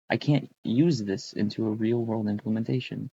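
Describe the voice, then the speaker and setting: A man thinking aloud in a casual, wry, halting way while he codes, speaking close to a desk mic. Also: lowish voice, steady tone, creaky, dark tone, husky, muffled recording. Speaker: streamer coding on screen.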